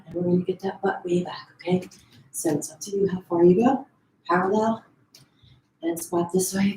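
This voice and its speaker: A Pilates instructor, a woman, counts down reps and slips in quick form cues, a little out of breath as she moves. She takes her time between counts. Her voice rings in a roomy, echoey space at home. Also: mid-range voice, gravelly, dark tone, slight background noise. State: a bit out of breath. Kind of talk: live online fitness class cueing. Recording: echoey room.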